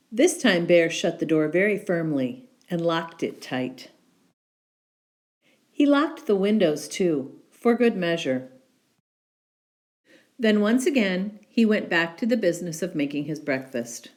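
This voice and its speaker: A woman reading a children's picture book aloud in an expressive, unhurried storytelling manner. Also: lowish voice. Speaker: storybook reader.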